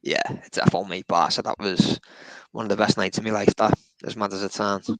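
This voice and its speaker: Gravelly man calling everyone mate. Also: lowish voice, steady tone, quick pace, fairly bright tone, no room sound, rough recording. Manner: casual, swears, keeps saying mate. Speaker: panel guest. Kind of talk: casual football podcast chat.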